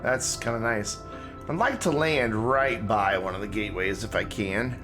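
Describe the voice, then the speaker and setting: Relaxed man chatting over game music. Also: lowish voice, normal speed. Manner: relaxed, chatty, thinks aloud. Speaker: streamer. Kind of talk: casual gameplay commentary.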